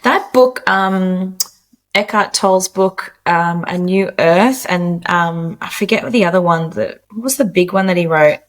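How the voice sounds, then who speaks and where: A woman's voice: fairly low pitch, measured pace. A woman in her late thirties talking as a podcast guest in a casual, candid chat. She is frank, swears freely and acts out the outbursts she quotes. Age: 30s.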